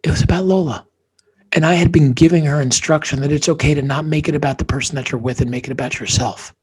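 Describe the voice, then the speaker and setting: A man, a guest, telling a personal story with feeling, dropping to hushed near-whispers and rising to intense emphasis. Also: a little high, fast, slightly rough.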